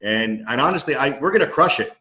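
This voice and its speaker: This co-founder's medium-pitched voice is expressive, fast, pushed and bright as he excitedly narrates a casual story from his dining room, acting out what people said. He's on a video call microphone, and the recording sounds rough.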